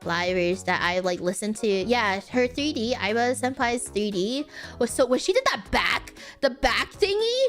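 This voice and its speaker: A woman streamer rambles through casual chat, her voice sitting a little high. She talks at an unhurried pace, stacking fillers and restarts and breaking into giggles. Soft music plays faintly behind her. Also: animated. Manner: apologetic about mispronouncing names. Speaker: streamer answering viewer questions.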